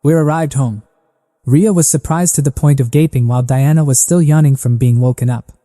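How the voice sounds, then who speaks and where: Guy reading a story recap steady, dark voice, long reverb. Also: medium pitch, brisk. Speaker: narrator.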